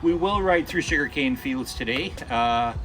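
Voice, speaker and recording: A man's voice: medium pitch, animated, moderate pace, music in the background. A man guiding a bike tour group, giving friendly instructions and background facts.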